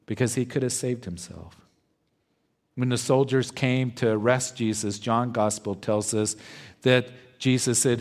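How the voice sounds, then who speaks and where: A man preaching a verse-by-verse sermon as pastor, in a slow and deliberate way. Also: lowish voice, a little mellow. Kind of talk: expository sermon.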